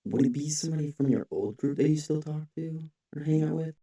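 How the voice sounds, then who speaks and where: A man's voice: a little high, brisk, dark tone. A young man co-hosting a podcast in casual chat, rambling with lots of "like" and restarts. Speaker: podcast co-host. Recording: echoey room, far from the mic.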